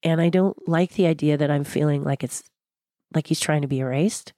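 Blunt, passionate older woman, low voice. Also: a little fast, no room sound, clean studio sound. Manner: passionate, blunt, animated storyteller. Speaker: guest, former theme park designer. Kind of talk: candid interview conversation.

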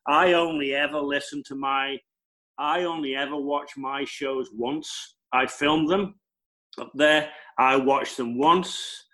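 A man who works as a television presenter, explaining his craft in an emphatic, animated way during an interview. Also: on the high side, takes it slowly, poor audio. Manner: animated, emphatic storytelling with repeated phrases. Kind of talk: conversational interview answers.

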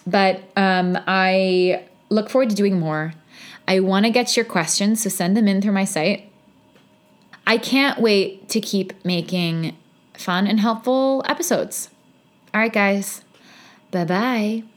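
A woman's voice: medium pitch, takes it slowly. Chatty, candid woman podcast host. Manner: chatty and candid, with self-deprecating asides. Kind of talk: casual solo podcast monologue.

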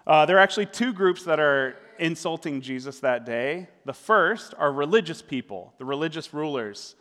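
A man's voice: fairly high pitch, animated, moderate pace, fairly bright tone, big-room sound. A man preaching a sermon as pastor, talking in a conversational way with fillers and tag questions.

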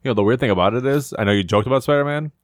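A man's voice: mid-range voice, very fast, no echo, studio quality. A man co-hosting a podcast, talking about a movie in a thoughtful, hesitant way and asking questions. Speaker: podcast co-host. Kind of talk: casual film discussion.

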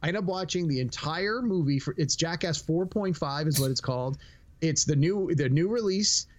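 A man's voice: on the high side, lo-fi sound. A middle-aged man hosting a casual podcast chat, telling stories with acted-out quotes and laughing as he talks. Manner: animated storyteller, acts out quotes, laughs while talking. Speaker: podcast host.

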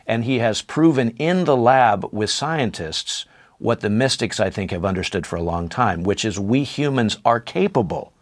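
A man's voice: on the low side, expressive, moderate pace. A man talking earnestly and enthusiastically as a podcast guest, often restarting his phrases. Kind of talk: podcast conversation.

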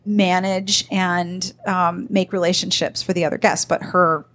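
A woman with a somewhat low voice talks in a relaxed, chatty way, spinning anecdotes for her co-hosts. She is animated, slipping in little voices for the people in her stories. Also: a little slow. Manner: animated storyteller acting out quoted people. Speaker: podcast co-host. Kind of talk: casual storytelling chat.

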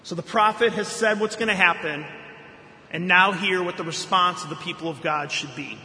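High bright guy preaching, earnest storyteller, big echoey church hall sound. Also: moderate pace. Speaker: pastor. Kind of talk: sermon. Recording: echoey hall reverb, faint room noise.

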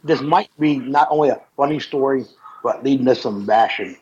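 A man's voice: mid-range voice, moderate pace, darkish tone, breathy edge. A man co-hosting a podcast, rambling through funny stories with laughs and stammered restarts. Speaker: podcast co-host, comic artist. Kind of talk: casual storytelling chat. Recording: dull lo-fi sound with faint noise.

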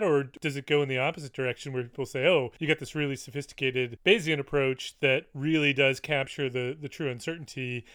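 A man's voice: medium pitch, a bit bright, clear, resonant tone. A man co-hosting an academic podcast in casual chat, asking long, hesitant questions with restarts. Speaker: podcast co-host.

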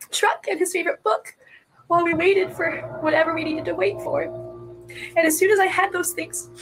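A woman, a mother, recounting events in a recorded police interview, distraught and soft-voiced, her voice often breaking into tears. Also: very high-pitched, a little hiss or hum, poor audio. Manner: soft-voiced, quiet when upset. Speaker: mother being questioned by police.

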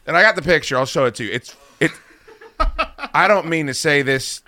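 Bright-voiced man telling a profane story. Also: on the high side, fairly quick. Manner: rambling, profane, animated anecdote-telling. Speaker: podcast host. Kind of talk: comedic storytelling.

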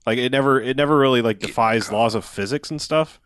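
A man's voice: mid-range voice, a little fast, fairly bright tone, clear, resonant tone, no room sound. Podcast guy rambling about movies, mid voice, dry close sound. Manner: rambling, many restarts and hedges. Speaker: podcast co-host. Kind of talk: casual chat about movies.

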